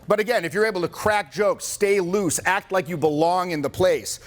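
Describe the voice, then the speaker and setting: A man's voice: high voice, normal speed. A man in his forties, a social skills coach, giving a casual, joking seminar talk to a group, swearing freely and acting out what people say. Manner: casual, joking, swears often, acts out quotes.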